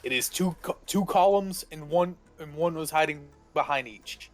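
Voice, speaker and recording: A man's voice: on the high side, normal speed. A man acting as game master, narrating the players' actions in loose, laughing run-on sentences on a voice call.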